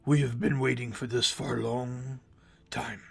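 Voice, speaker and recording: A man voicing a proud, many-armed male shaman in a tabletop game, speaking slowly and deliberately. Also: mid-range voice, little pitch movement, vocal fry, breathy edge, faint music behind, voice pushed down. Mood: resolute.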